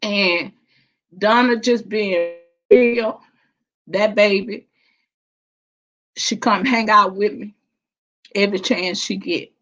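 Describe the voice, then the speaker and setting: Slow-talking woman hosting a livestream. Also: mid-range voice, fairly even intonation. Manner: warm, affectionate, drawn-out and emotional, calling viewers baby and child. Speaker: livestream host. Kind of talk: casual livestream chat. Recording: dull lo-fi stream audio.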